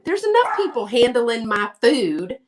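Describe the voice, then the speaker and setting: A woman, telling animated stories in a casual chat and acting out what people said, laughing often. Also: a little high, unhurried, far from the mic, over a noisy crowd. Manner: animated, laughing storyteller who acts out quotes. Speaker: guest, fellow reseller.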